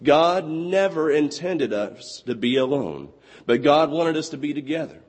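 A man in his twenties preaching a sermon with a hoarse, husky voice he has partly lost, reading scripture slowly and deliberately. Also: on the high side, a little mellow. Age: 20s. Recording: long hall reverb.

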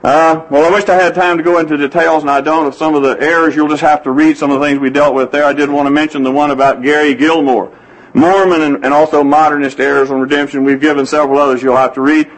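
A man's voice: a little high, little pitch movement, fast talker, poor audio. Folksy preacher man. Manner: folksy storytelling, quoting scripture. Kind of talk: sermon with anecdotes.

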